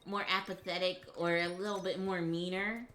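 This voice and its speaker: A woman's voice: lowish voice, flat delivery, moderate pace, fairly bright tone, a little hiss or hum. Rambling young woman, lots of fillers. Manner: rambling, thoughtful, many filler words. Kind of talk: casual chat.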